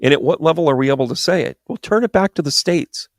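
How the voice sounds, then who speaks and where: A man's voice: on the high side, animated, quick pace, no echo, clean studio sound. A man giving a rambling, exasperated political commentary monologue with sarcastic asides. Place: New York.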